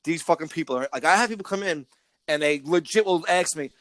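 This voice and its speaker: A man talks on a casual podcast, swearing freely and ranting with animated energy, often tripping over restarts. His voice sits a bit higher than most men's. The sound is dry and close. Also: fast talker, dry recording. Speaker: podcast co-host.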